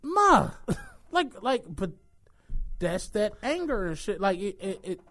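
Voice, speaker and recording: A young man talks on a podcast, his voice pitched high for a man and swinging widely as he tells stories. He acts out the lines of people in his stories and swears freely. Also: unhurried. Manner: animated storytelling, acts out quotes, swears freely. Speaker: podcast co-host. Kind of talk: casual chat.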